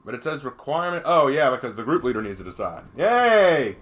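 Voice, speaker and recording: A man streaming a game with casual commentary, chatty and quick to laugh, telling stories with energy. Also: mid-range voice. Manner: chatty, laughs often, animated storytelling.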